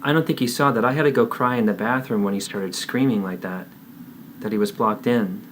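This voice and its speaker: A man's voice: fairly low pitch, brisk, a bit bright, a little hiss or hum. A man, therapist and host, acting out an adult child confronting a parent in a role-play, earnest and pleading.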